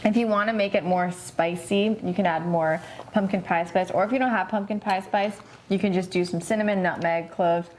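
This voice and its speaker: A woman's voice: medium pitch, fairly even intonation, normal speed, a little mellow, slight background noise. A woman hosting a cooking vlog, chatting upbeat and casual as she walks through a recipe in a home kitchen. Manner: upbeat, chatty, says "super" and "so good" a lot.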